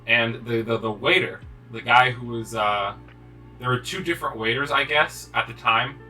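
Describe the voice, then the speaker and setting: A man's voice: medium pitch, moderate pace, sharp tone, recorded from a distance, soft background music, low-quality recording. A young man co-hosting a gaming video, telling a rambling, swearing story with many restarts. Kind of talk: casual chat while playing.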